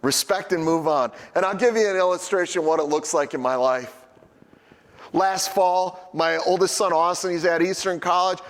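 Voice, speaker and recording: A man's voice: high voice, moderate pace, in a large hall. A middle-aged man preaching a sermon as a pastor, telling everyday stories in a conversational, humorous way. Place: church sanctuary.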